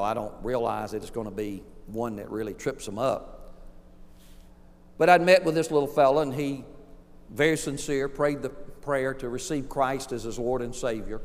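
A man preaching a sermon at middle pitch, swinging from hushed moments to loud, rising peaks. He calls out to the congregation for amens. His voice rings with the long reverb of a church hall. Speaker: pastor.

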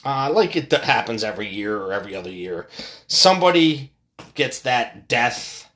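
A man's voice: medium pitch, big pitch swings, normal speed, fairly bright tone. A middle-aged man hosting a solo podcast, ranting in a profane, rambling way with frequent restarts. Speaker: podcast host.

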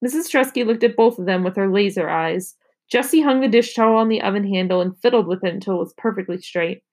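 A woman, a teacher, reading a children's novel aloud in an expressive storytelling manner. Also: medium pitch.

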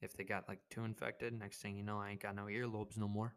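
A man's voice: on the low side, flat delivery, a little fast, fairly bright tone. A young man hosting a podcast, telling a rambling, profane story in a laid-back, casual monologue. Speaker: podcast host.

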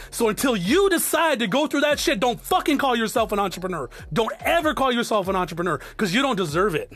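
Very high-pitched and a bit bright, this man's voice belongs to an entrepreneur vlogger in his forties from South Tucson, Arizona. He lectures his viewers, whom he calls "guys," in a blunt, profane, preachy motivational monologue to camera.

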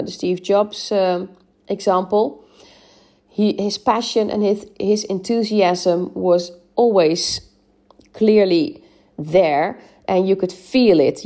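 A woman's voice: mid-range voice, dark tone. A woman hosting a solo podcast, giving encouraging speaking tips with frequent "um"s and "right?" checks. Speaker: podcast host and English speaking coach. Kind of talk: solo podcast advice talk.

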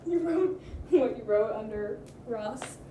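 A woman's voice: fairly high pitch, lively intonation, slow pace, mellow, a little hiss or hum. A young woman co-hosting a casual podcast, playful and matter-of-fact as she corrects her friend. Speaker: podcast co-host. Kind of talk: casual chat.

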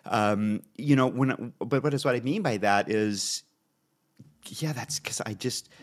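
A man's voice: mid-range voice, unhurried. A man in his fifties interviewing a guest, cutting in with questions. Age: 50s. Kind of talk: casual interview chat.

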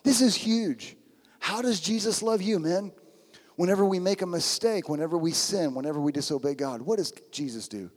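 Preaching man, high voice, husky, echoing hall. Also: lively intonation, normal speed. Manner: emphatic preaching with rhetorical questions and mock quotes. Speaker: pastor. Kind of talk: sermon.

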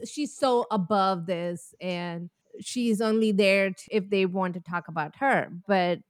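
A woman from India chatting on a podcast in an animated, emphatic way. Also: mid-range voice, a little slow, smooth, no room sound. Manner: animated, emphatic, laughs often. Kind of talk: casual podcast chat.

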